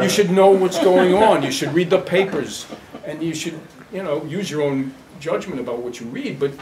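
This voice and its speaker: A blunt, animated man teaches an acting workshop, his fairly high voice swinging widely as he laughs through his points. He sounds set back from the mic in an echoey room, with faint room ambience behind. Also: recorded from a distance, a little hiss or hum. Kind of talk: workshop lecture to a class. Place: workshop room with a live class.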